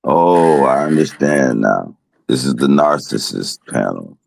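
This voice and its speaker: A man in a heated casual panel debate, talking in a slow, drawn-out way. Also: animated, a little mellow, no echo. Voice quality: gravelly, low and drawn-out. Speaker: panel participant.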